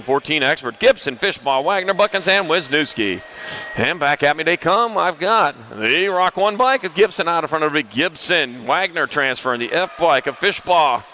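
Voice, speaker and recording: A man announces live at an outdoor racetrack, his voice bright and forceful and pitched a little high. He reels off riders' names in quick lists and tosses in playful asides. A faint outdoor hum sits behind him. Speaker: race announcer. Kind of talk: live race commentary.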